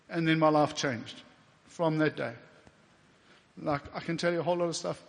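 A South African man gives a heartfelt testimony sermon, his fairly high voice ringing through a church hall with a long tail of reverb. He talks in a loose, conversational way, voicing his own thoughts in quotes, and his feelings stay close to the surface. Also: normal speed, creaky, pauses often, a bit bright. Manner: emotional, getting teary at times; conversational with fillers and quoted inner speech. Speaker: preacher.

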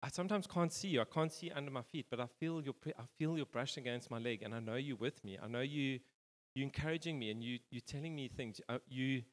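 Male pastor, loose conversational preaching, mid-pitched voice, long church-hall echo. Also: fast. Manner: rambling, informal, many fillers and restarts. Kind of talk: conversational sermon.

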